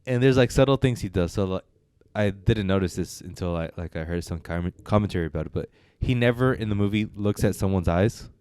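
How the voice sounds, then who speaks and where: A man's voice: deep voice, a little fast, hardly any pauses, darkish tone, clean tone, no room sound. A man co-hosting a casual film review chat, rambling and hesitant with many fillers and restarts. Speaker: podcast co-host reviewing films.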